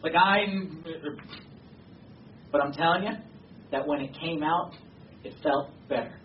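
A man's voice: on the high side, a little slow. Male pastor, conversational, grows emphatic; distant mic, roomy echo, dull sound. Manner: conversational, emphatic, rising to passionate exhortation. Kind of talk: sermon. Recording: distant, echoey, dull sound with faint noise.

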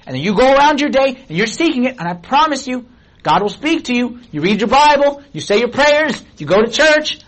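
Husky, high-voiced preacher man. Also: fast talker, poor audio. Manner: animated, conversational preaching with rhetorical questions. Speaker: pastor. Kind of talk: sermon.

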